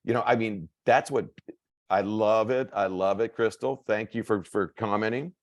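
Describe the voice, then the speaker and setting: A man giving a motivational coaching talk, energetic and repetitive, acting out quotes with big jumps in pitch. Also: moderate pace, no echo, studio quality. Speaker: network marketing coach.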